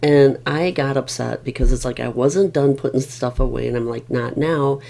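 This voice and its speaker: Tired middle-aged vlogger rambling on, mellow voice with a rough edge. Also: medium pitch, normal speed. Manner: rambling, weary, with restarts. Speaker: family caregiver. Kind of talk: casual rambling vlog.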